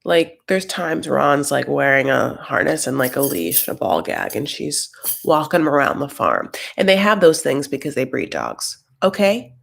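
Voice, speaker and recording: A man's voice: mid-range voice, big pitch swings, normal speed, vocal fry, a bit bright. A man hosting a reality TV reaction show, recapping in a sassy, gossipy, campy way. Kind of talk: casual TV recap commentary.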